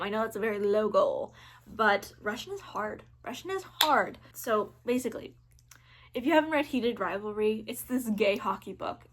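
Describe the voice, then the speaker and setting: A woman talks straight to camera in a relaxed, unscripted vlog, her voice sitting at an ordinary middle pitch. She rambles cheerfully, sprinkling "um" and "like" through her sentences, and pokes fun at herself as she goes. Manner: chatty, frequent "um" and "like" fillers, playful self-mocking asides. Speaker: language-learning vlogger. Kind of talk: casual chat to camera.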